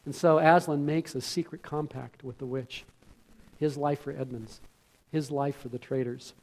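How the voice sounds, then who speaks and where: A man's voice: medium pitch, steady tone, normal speed. A man preaching a sermon, telling a story earnestly and often repeating words.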